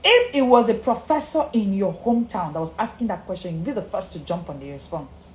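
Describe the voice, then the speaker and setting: Woman coach, live motivational talk, animated pitch, repeats herself for emphasis, echoey room, faint background hum. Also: fairly quick. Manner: emphatic, repeats key lines, greets viewers by name. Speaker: confidence coach.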